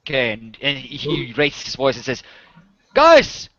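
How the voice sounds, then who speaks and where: Brief: male game master, casual and halting, bright tone, dry dull recording. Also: mid-range voice, fairly even intonation, no room sound. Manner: casual, filler-heavy narration. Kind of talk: narrating a tabletop game.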